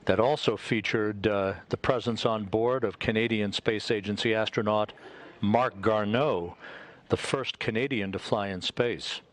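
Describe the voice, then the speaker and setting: A man giving live commentary on a spacewalk broadcast in a measured, informative way with frequent fillers. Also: lowish voice, steady tone.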